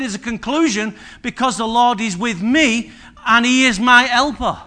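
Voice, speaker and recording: Male pastor in a sermon; conversational, jokes, repeats lines; high, bright voice. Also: moderate pace, few pauses. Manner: humorous, conversational preaching with repetition and asides to the congregation. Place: church service.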